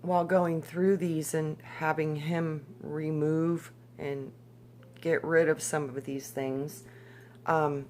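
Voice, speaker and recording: Low-voiced woman reading scripture. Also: flat delivery, a little mellow, a little hiss or hum. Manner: casual, repeats "literally" and "like", reads haltingly. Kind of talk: scripture reading with personal storytelling.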